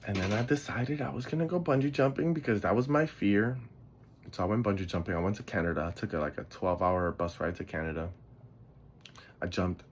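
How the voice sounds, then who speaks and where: A man's voice: mid-range voice, slightly rough. A man from the Bronx, hosting a podcast and rambling casually through stories while yawning and sleepy. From the Bronx, New York. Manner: rambling, loses his thread, swears casually. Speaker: podcast host. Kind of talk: casual storytelling monologue.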